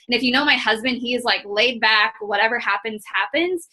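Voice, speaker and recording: A woman's voice: fairly high pitch, fairly quick, hardly any pauses, sharp tone. A young woman from Iowa, a fitness coach, talking on a team call in a chatty, candid, motivational way with many fillers. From Iowa, United States.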